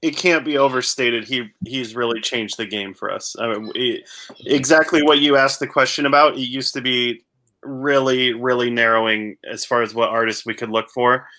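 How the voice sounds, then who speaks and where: A man's voice: medium pitch, fairly even intonation, moderate pace, bright, forceful tone. A man co-hosting a casual chat, thinking aloud in a musing way. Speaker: co-host.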